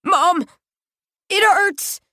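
A woman voicing a badly wounded teenage boy who sobs and pleads in a high, strained voice. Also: slow, darkish tone, no echo, studio quality. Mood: pleading, sobbing.

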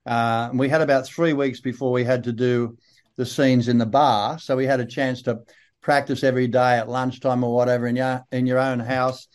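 A man's voice: mid-range voice, level tone, normal speed, a little mellow. Laid-back older Australian man. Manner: laid-back, dry humour, rambling anecdotes. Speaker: guest. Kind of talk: casual interview storytelling.

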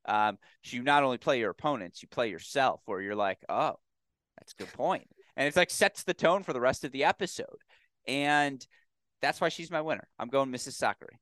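A man's voice: mid-range voice, brisk, clear, resonant tone, no echo. A man co-hosting a sports recap podcast, chatting casually and acting out quotes. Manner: animated, acts out quotes. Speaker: podcast co-host. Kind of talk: casual chat.

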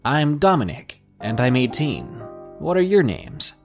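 Guy putting on a higher, pushy creepy young dude, way too friendly, bouncy voice. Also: very animated, a little slow, faint music behind. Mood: eager. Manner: overly friendly, pushy small talk. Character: awkward, overeager creepy young man of eighteen.

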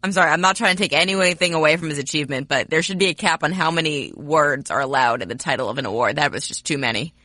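Bright-voiced woman with wry quips. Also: low-pitched, quick pace, hardly any pauses, no echo. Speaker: podcast co-host. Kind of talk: casual sports chat.

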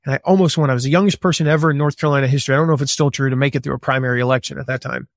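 A man in his forties, a guest on a podcast interview, talking in a gregarious, animated and slightly loud way, with lots of casual fillers. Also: medium pitch, rapid-fire, gravelly, no room sound. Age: 40s. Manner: conversational with many fillers. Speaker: guest author and business coach.

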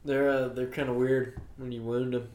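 A man's voice: medium pitch, level tone, normal speed, darkish tone, reverberant. A young man co-hosting a hunting podcast, telling stories in an easygoing, matter-of-fact way. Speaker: podcast co-host. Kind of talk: casual chat.

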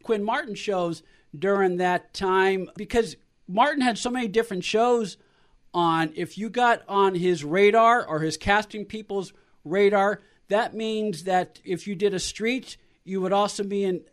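High-voiced male radio host. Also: measured pace. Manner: conversational, asks long lead-in questions. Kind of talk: radio interview.

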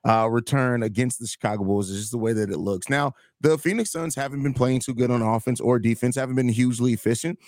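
A man's voice: medium pitch, quick pace, hardly any pauses, darkish tone, dry recording, studio quality. Easygoing man co-hosting a sports podcast. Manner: easygoing, says bro, laughs along. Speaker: podcast co-host. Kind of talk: casual sports talk.

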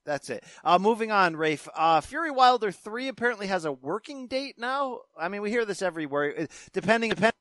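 A man's voice: high voice, animated, a little fast, few pauses, fairly bright tone, dry recording. A man hosting a casual sports chat, tossing questions to his co-host with easygoing fillers. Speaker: podcast host.

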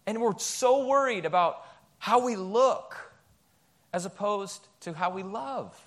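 Lively, high-voiced male pastor preaching. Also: takes it slowly. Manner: animated, emphatic preaching with rhetorical questions. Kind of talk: sermon. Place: church.

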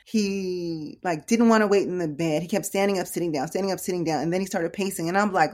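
A middle-aged woman nurse shares a story in a relaxed, chatty manner. She gets animated and acts out the voices of the people in it. Her voice sits a bit low for a woman. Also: a little fast, hardly any pauses. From United States. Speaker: nurse educator. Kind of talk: casual storytelling talk.

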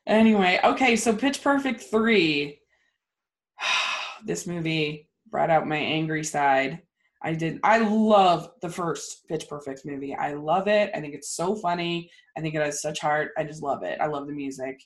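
A woman co-hosting a casual movie review chat, ranting in animated, fast bursts. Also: low-pitched. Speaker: podcast co-host.

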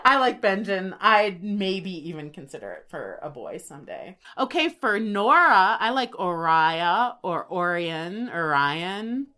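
A woman's voice: mid-range voice, big pitch swings, measured pace, few pauses, sharp tone. A woman co-hosting a casual podcast chat, playful and jokey, laughing easily. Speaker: podcast co-host.

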